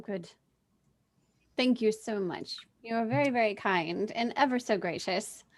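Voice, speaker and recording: A woman's voice: mid-range voice, measured pace. Friendly, teasing woman player. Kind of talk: playing a tabletop game.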